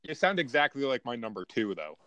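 A man's voice: mid-range voice, sing-song, brisk, sharp tone. A man co-hosting a podcast in casual chat, making dry, mock-serious jokes. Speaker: podcast co-host.

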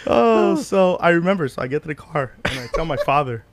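Young male comedian guest, loose rambling storyteller, slightly raised pitch. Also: expressive, a little fast, background noise. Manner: laughing storyteller, rambling with restarts. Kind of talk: casual podcast chat.

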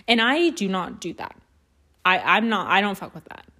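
A woman's voice: mid-range voice, big pitch swings, normal speed, bright, forceful tone. A young woman from Canada telling rambling stories on her solo podcast, swearing often and poking fun at herself. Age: young adult. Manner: rambling, swears a lot, self-deprecating. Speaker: podcast host. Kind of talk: casual solo podcast storytelling.

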